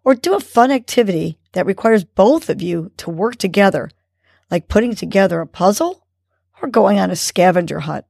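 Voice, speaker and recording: A woman hosting a morning mindfulness segment, calmly and encouragingly guiding a breathing lesson for kids. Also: mid-range voice, gravelly, slightly rough, dry recording, studio quality. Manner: calm, slow, encouraging instruction.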